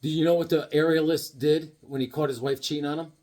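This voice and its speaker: A man's voice: fairly high pitch, steady tone, fast, a little mellow. A man casually chatting about his comic books, rambling and cracking corny one-liners. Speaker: comic book vlogger. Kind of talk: casual comedic chat.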